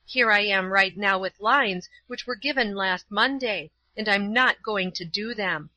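A woman's voice: mid-range voice, measured pace, bright, forceful tone, no echo, poor audio. A woman voicing a stubborn, resentful young schoolgirl in a storybook reading, complaining indignantly.

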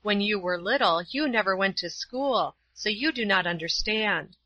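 A woman's voice: medium pitch, lively intonation, normal speed, bright, forceful tone, no echo, highs cut off. A woman voicing a stubborn, resentful young schoolgirl in a storybook reading, complaining indignantly.

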